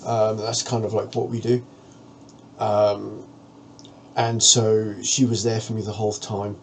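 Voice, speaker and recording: A man's voice: fairly low pitch, little pitch movement, a little slow, slight background noise. A man vlogging, talking frankly and earnestly to the camera about a personal ordeal in a plain-spoken way. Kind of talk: candid personal monologue to camera.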